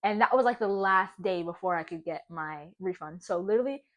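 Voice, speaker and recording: A woman's voice: on the low side, fairly quick. Young woman telling a wild story. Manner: animated, profane, laughing often. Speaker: vlogger. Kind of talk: casual storytelling while baking.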